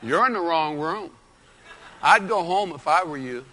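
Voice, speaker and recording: A cheeky little boy, as a man plays him, speaking slowly and bluntly. The voice sits a little higher than the man's own, with a bright, teasing edge. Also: animated, a little hiss or hum, rough recording. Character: blunt little schoolboy, about five.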